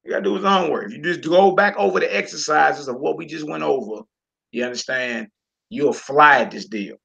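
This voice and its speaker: A man teaching a live-streamed Hebrew lesson casually, repeating words and drilling syllables slowly. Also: fairly high pitch, creaky, fairly bright tone, slightly rough, dull audio.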